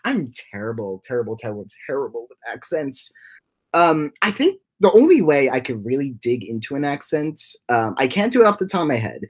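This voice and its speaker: A man hosting a casual livestream, rambling through his thoughts and reading chat comments, with many restarts and repeated words, and often jumping up into high, giddy laughing bursts. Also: big pitch swings, fairly quick. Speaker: livestream host and animation creator.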